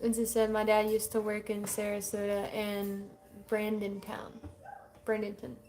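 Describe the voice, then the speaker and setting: A woman co-hosting a casual livestream, reading chat comments aloud quickly and laughing often. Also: medium pitch, monotone, darkish tone, slight background noise.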